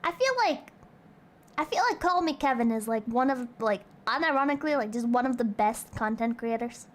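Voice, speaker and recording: A woman's voice: a little high, fairly quick. A young woman streamer in casual chat, reading out donations, playful and crude and rambling.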